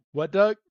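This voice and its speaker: A man hosting a podcast, recapping a cartoon episode in a loose, rambling way and chuckling often. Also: no room sound. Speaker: podcast host. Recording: dull lo-fi dry sound.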